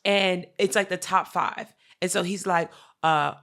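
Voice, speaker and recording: Woman podcast co-host with a bright, gravelly voice, an animated storyteller. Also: fairly low pitch, unhurried. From Haitian family. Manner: animated, swears a lot, acts out quotes. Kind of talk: casual storytelling chat.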